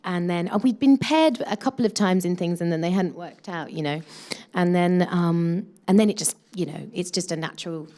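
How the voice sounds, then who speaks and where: A woman's voice: on the low side, moderate pace, dark tone. A woman in her thirties, an actress chatting casually in a press interview, with many fillers and restarts.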